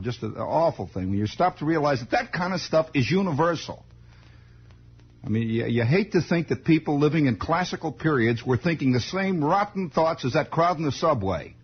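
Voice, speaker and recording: A man's voice: a little high, slightly rough. A man hosting a late-night radio monologue, rambling, wry and sardonic. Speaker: radio host. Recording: dull 1960s radio broadcast.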